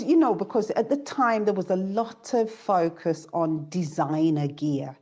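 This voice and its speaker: A woman's voice: on the low side, unhurried, dark tone. A woman from the United Kingdom, a guest sharing reflective stories in casual chat. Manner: reflective, storytelling. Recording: dull lo-fi audio.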